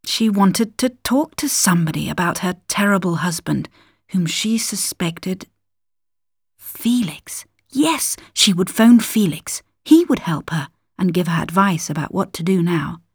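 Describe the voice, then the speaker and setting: A woman narrating a scripted story calmly, at times dropping into whispers. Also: on the low side, moderate pace, breathy edge, no echo, studio quality.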